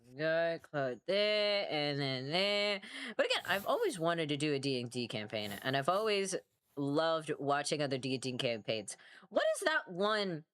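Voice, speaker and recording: Her voice is deep, very animated and fairly bright, moving at a moderate pace. She's an artist streaming while she draws, rambling casually with self-mockery, plenty of swearing and a tired edge.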